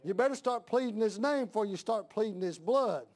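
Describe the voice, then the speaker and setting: A middle-aged man preaches in a church with a high, ringing voice. He hammers his points home by repeating lines and climbing into shouts, a pastor in full fire. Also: expressive, a little fast. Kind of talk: fiery sermon.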